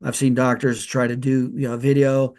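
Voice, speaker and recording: This man speaks in a mid-range, level, darkish tone and a little fast. As a practice consultant in a casual training video, he gives direct instructions loosely with frequent restarts, holding a lavalier like a handheld mic.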